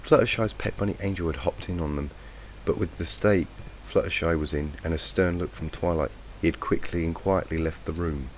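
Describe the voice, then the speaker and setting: Here a man with a cold reads fanfic aloud, croaky and low, keeping a steady tone and a fairly quick pace with hardly any pauses. His plain, lightly emotive reading comes through a cheap, faulty home mic with noisy lo-fi quality.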